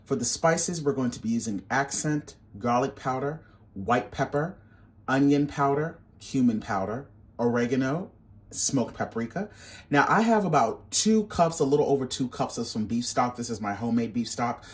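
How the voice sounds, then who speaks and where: A man's voice: medium pitch, expressive, moderate pace. A man hosting his cooking channel, walking through a recipe in a casual, sassy, playful way and calling viewers baby and honey.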